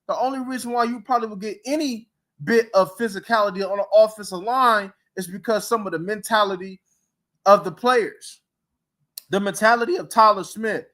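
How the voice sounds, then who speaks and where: A man's voice: high-pitched, sharp tone. A man hosting a casual sports talk show, ranting in a heated, mocking way with rhetorical questions. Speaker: podcast host.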